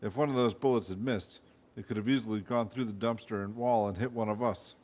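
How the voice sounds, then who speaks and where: A man's voice: fairly low pitch, steady tone, a little fast, darkish tone. A man reading his own comic book aloud and chatting on a podcast, jokey and self-amused. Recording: dull lo-fi recording.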